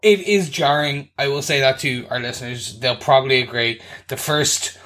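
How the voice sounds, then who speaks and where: A man's voice: mid-range voice, moderate pace, bright, forceful tone. A man co-hosting a podcast, giving his casual take on a movie in an emphatic, rambling way. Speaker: podcast co-host. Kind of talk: casual movie review chat.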